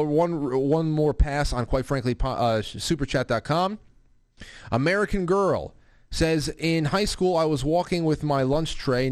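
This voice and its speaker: Chatty male live-stream host, dry sound. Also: no echo. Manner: animated, puts on a high child's voice when quoting his daughter. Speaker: podcast host reading viewer comments. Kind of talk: casual live-stream chat.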